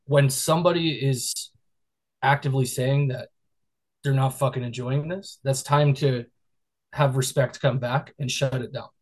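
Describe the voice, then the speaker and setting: A man's voice: medium pitch, steady tone, measured pace, low-quality recording. A man talking bluntly and with a lot of swearing on a podcast, making a firm point about respect. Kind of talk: casual fantasy sports chat.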